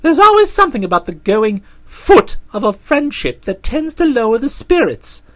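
A woman narrating a comic story in an audiobook, with lively storytelling. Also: on the high side, normal speed.

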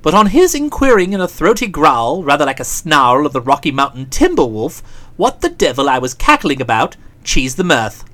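A woman's voice: low-pitched, sing-song, moderate pace, fairly bright tone. A woman narrating a comic novel aloud in a dry, wry storytelling manner. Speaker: audiobook narrator.

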